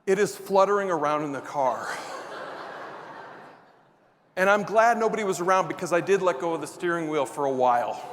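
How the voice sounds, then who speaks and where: A male motivational speaker with a high voice talks fast on stage during a live keynote, telling a self-deprecating comic story to an audience. The hall is reverberant, with faint ambience and a little hiss or hum.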